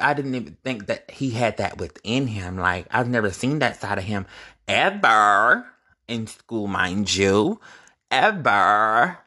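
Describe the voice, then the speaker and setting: A young man telling a casual, animated storytime to his viewers, profane and full of sudden high-pitched outbursts. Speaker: vlogger.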